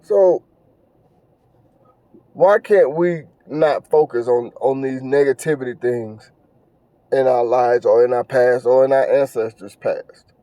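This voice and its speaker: A podcast host with a mellow, mid-range voice speaks slowly with long pauses, and the recording has no room sound. Talking solo in a casual commentary, he turns earnest and preachy, repeating phrases and stumbling over fillers.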